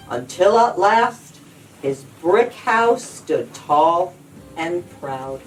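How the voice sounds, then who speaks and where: A woman librarian reading a children's storybook aloud in an expressive, sing-song way. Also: lowish voice, slow, distant mic, faint music behind, poor audio.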